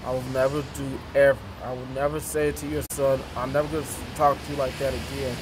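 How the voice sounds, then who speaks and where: A man vlogging a casual, rambling apology to camera, halting and repeating himself. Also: medium pitch, flat delivery, noisy background. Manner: repetitive, halting, with restarts.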